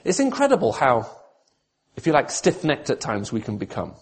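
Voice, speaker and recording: Husky preacher, pleading then wry. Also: male voice, mid-range voice, huge pitch swings, moderate pace. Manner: pleading, rising loud when quoting God, then dry self-mocking humour. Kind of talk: sermon.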